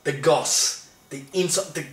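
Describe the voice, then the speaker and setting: Australian man, young, deadpan mock-formal tone, a touch high, echoey distant sound. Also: unhurried. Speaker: co-host. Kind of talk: casual comedic chat. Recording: echoey room, mic at a distance.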